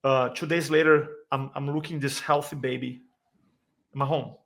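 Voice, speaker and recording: A speaking coach from the San Diego area appears as a podcast guest and tells an emotional personal story, his gravelly, medium-pitched voice fairly even in intonation and normal in speed. He acts out the voices he quotes, and his grammar is slightly non-native.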